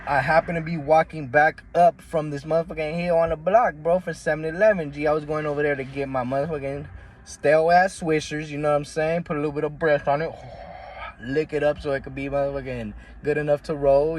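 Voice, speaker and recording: A man's voice: steady tone, brisk, a little hiss or hum. A man telling a story from his life in casual, slangy, profane talk, often calling the listener "G" and "bro.". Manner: acts out the quoted voices in a much higher pitch.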